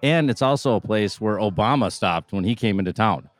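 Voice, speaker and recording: A man from Minnesota chatting as a podcast guest, relaxed and dryly joking as he explains local dishes. His voice sits low and sounds close and dry, with no room around it. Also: brisk, no echo. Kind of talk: casual chat.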